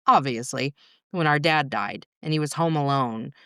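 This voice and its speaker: A woman's voice: deep voice, normal speed, fairly bright tone, clean tone, no echo, clean studio sound. A middle-aged woman talking as a podcast guest, telling her story frankly, swearing freely and laughing through hard moments. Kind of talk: candid conversational storytelling.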